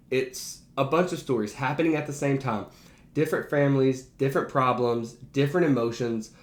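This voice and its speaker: A man who works as a teacher, ranking favorite movies in a casual, enthusiastic and emphatic way. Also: mid-range voice. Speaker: teacher and behavior analyst. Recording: roomy echo.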